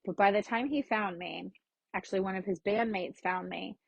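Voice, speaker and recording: A woman's voice: medium pitch, normal speed, gravelly, breathy edge, dry recording, dull audio. A woman hosting her own podcast, candidly telling a personal story in a frank, casual way that includes swearing. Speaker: podcast host.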